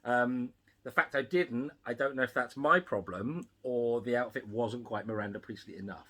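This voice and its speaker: A man co-hosting a casual review chat, talking quickly with asides and frequent laughter. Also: mid-range voice, a bit bright. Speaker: podcast co-host.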